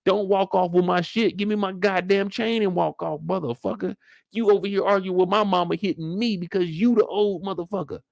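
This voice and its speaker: Man voicing an exasperated young boyfriend, scolding, rapid questions, gravelly. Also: sits high, fairly even intonation, a little mellow, dry recording, lo-fi sound.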